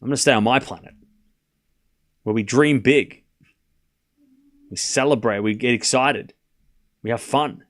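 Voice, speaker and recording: A man's voice: medium pitch, unhurried, pauses often, fairly bright tone. A man hosting a live tennis watchalong stream. He calls the score between points and argues sarcastically with his chat. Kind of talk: live commentary and casual chat with viewers.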